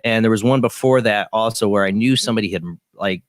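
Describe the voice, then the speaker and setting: A man's voice: fairly low pitch, fast talker, no room sound, clean studio sound. A man hosting a radio talk show, chatting casually and rambling with many restarts. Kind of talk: casual interview chat.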